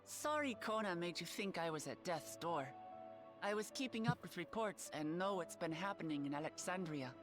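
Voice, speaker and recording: An actress playing a determined young woman who speaks in a steady, resolute way. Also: lowish voice, close to an everyday voice.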